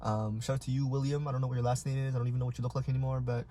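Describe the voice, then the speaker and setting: A man, telling stories in a casual, animated, self-mocking way and acting out voices. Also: mid-range voice, racing. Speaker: vlogger. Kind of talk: casual storytelling while eating.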